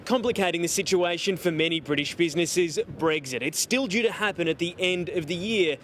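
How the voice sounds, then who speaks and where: A man narrates a news report from abroad, and he leans on words with deliberate emphasis. His voice sits slightly high for a man. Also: fairly bright tone, a little hiss or hum. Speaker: foreign correspondent.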